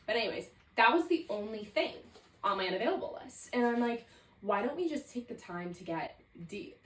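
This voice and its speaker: A woman's voice: a little high, animated, brisk, fairly bright tone, far from the mic. A woman in her twenties hosting a solo podcast, candid and chatty, with lots of "like" fillers. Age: 20s. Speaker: podcast host. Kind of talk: casual solo podcast monologue. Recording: roomy, set back from the mic.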